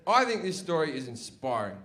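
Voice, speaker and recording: A man doing a crude, swearing stand-up routine as an animated storyteller. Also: on the high side, a little fast. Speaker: stand-up comedian.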